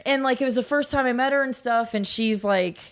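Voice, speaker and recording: A woman in her thirties, a guest on a podcast, telling stories in a casual, animated way, with frequent laughs and lots of filler words. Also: on the high side, brisk. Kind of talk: casual storytelling interview.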